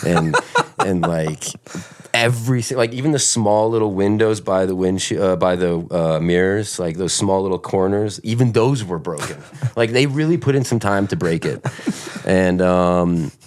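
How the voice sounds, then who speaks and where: Man from Germany, young adult, low voice, rambling, swears a lot, laughs often, podcast guest. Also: darkish tone. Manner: rambling and profane, with frequent laughter. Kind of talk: casual chat.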